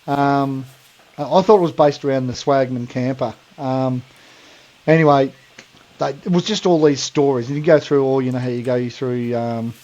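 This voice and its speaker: Laid-back Australian bloke telling a yarn. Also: male voice, mid-range voice, mellow, low-quality recording. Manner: rambling, laughing storyteller with mate slang. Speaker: podcast co-host. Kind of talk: casual storytelling chat.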